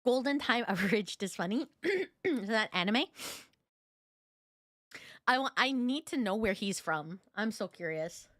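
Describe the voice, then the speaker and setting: A woman's voice: medium pitch, animated, unhurried, a bit bright, dry recording, clean studio sound. A woman streamer chatting casually with her viewers, giggly and rambling, with lots of fillers. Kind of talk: casual reaction chat.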